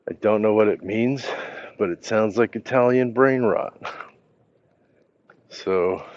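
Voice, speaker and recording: A man hosting a casual livestream, reading viewers' comments aloud in an unhurried, easygoing way with pauses and fillers, holding his phone. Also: lowish voice, darkish tone, lo-fi sound. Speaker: livestream host. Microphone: handheld phone.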